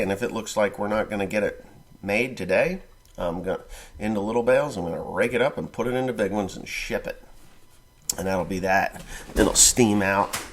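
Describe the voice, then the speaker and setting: A middle-aged man, a farmer, talking casually and bluntly to the camera with crude jokes. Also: on the low side. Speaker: farmer vlogger.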